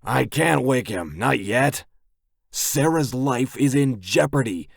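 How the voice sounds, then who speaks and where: A man voicing a steady male biker-club doctor who is patient and level-headed, in an audiobook. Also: mid-range voice, slow pace, gravelly, no room sound, studio quality, voice pushed up, heavily acted. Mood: firm. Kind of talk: audiobook narration.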